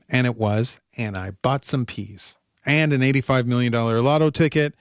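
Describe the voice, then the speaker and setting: A man's voice: medium pitch, brisk, hardly any pauses, dry recording. Chatty man, dry studio sound. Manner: chatty, rambling, easygoing. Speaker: radio co-host. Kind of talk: casual morning show chat.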